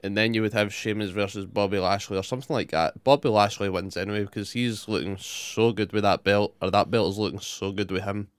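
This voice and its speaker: A man's voice: lowish voice, fairly even intonation, fairly quick, hardly any pauses, smooth, dry recording. A young man chatting casually, blunt and sweary, full of opinions. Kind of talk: casual chat.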